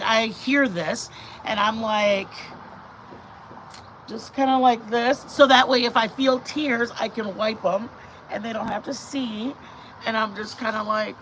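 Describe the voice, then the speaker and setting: Woman, middle-aged, vlogger, animated storytelling, chatty, bright tone, slightly high pitch. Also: slight background noise. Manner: animated, chatty, often speaks of faith. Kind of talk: casual storytelling to camera.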